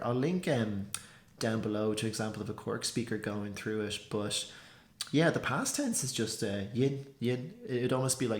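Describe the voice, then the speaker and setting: A man, explaining phrases in a casual, chatty lesson full of fillers. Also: mid-range voice. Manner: chatty, loose, lots of fillers. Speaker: language teacher. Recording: roomy echo.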